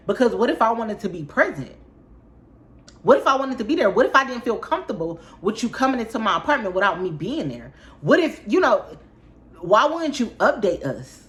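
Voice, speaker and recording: A woman's voice: mid-range voice, moderate pace. Indignant young woman telling a story. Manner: animated, indignant, talks in run-on bursts with fillers. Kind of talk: casual storytime.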